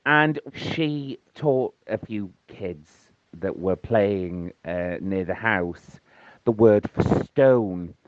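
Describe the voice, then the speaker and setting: A man's voice: very slow, dry recording. A man leaving a chatty, silly voice message for a podcast. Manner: chatty, silly, sing-song with big pitch swings. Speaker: caller. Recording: dull lo-fi phone message.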